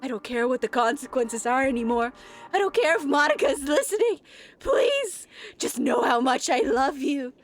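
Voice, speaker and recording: Woman reading an unhinged girl in love: high, swooping, over faint game music. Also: sing-song, moderate pace. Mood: obsessive. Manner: intense, breathless confessions. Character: obsessive lovestruck young woman, unhinged. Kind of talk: reading game dialogue aloud.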